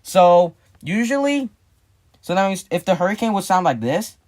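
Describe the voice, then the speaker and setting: A man's voice: high voice, lively intonation, fast. A man in a casual vlog, explaining a hobby build in a rambling way, restarting and correcting himself as he works on it. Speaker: hobbyist vlogger.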